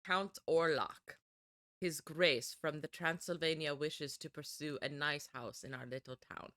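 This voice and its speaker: A woman voicing a mannered estate agent from an old silent film, with a slow, stagy, mock-formal delivery. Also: low-pitched, fairly even intonation, a bit bright, dry recording, studio quality. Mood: pompous.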